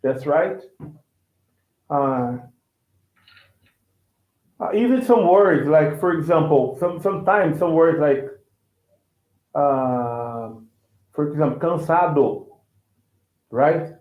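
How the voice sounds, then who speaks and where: A male language teacher with a Brazilian Portuguese accent explains English casually, halting and repeating words. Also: on the high side, lively intonation, a little mellow. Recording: echoey, tinny phone-like sound.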